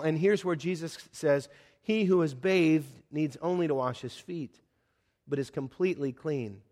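A man preaching a sermon in a conversational style, acting out the voices of the figures in his story with sudden jumps in pitch and volume. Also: moderate pace. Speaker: pastor.

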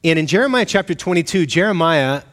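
A man's voice: on the high side, lively intonation, fast, a bit bright, in a large hall. A man preaching a sermon in a conversational way, asking the congregation questions and acting out the voices he quotes. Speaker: pastor.

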